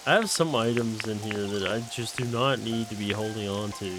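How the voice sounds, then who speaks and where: A young adult man streaming gameplay live, excitable and loud with laughter and swearing. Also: lowish voice, normal speed, music in the background.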